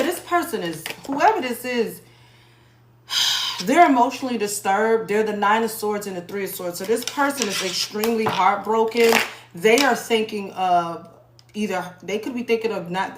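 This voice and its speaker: Rambling woman giving a tarot reading. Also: mid-range voice. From New York. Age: 30s to 40s. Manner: rambling, conversational, repeats herself. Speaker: tarot reader. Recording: echoey room with background noise.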